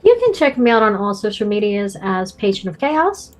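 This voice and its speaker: A woman player giving a quick, playful plug of her socials at the end of a game stream. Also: mid-range voice, big pitch swings.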